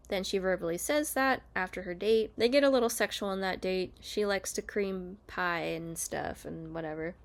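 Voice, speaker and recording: A woman's voice: medium pitch, a little slow. A young woman on her bed at home, casually chatting and recapping a reality show, often acting out quotes in different voices. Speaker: YouTuber reviewing a reality show. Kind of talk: casual chat.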